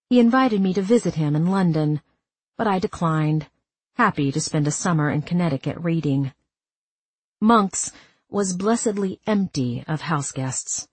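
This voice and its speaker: A woman reading a first-person story aloud as an audiobook narrator, calm and measured. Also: on the low side, husky, no echo.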